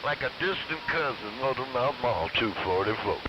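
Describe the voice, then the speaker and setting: A man chatting on a CB radio from the road, laughing easily and halting with fillers. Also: mid-range voice, expressive. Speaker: CB radio operator. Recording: muffled radio audio with loud static noise.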